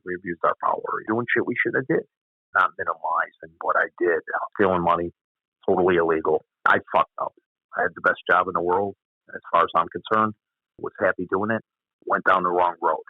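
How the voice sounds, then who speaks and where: A man's voice: low voice, creaky, dry recording. A former police officer, telling his stories bluntly and with plenty of swearing in an interview. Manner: blunt and profane. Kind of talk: candid interview storytelling. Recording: tinny phone-like dry sound.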